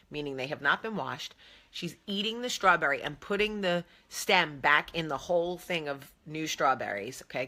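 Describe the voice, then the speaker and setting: A woman in her thirties, a vlog host telling chatty, animated stories about her family. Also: sits low. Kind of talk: casual chat.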